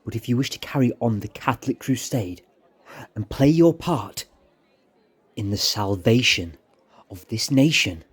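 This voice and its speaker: A man's voice: mid-range voice, expressive, measured pace, long pauses, slightly rough. A man voicing a sly, charming male plotter with a raised, theatrical delivery. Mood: urgent.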